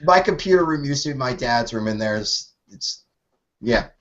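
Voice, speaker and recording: A young man from New England hosts a casual podcast in a relaxed, easygoing way and laughs often. His voice sits in an ordinary middle range, and the audio is dull and lo-fi, as over a voice chat. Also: mid-range voice, normal speed. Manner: laid-back, laughs often. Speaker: podcast host.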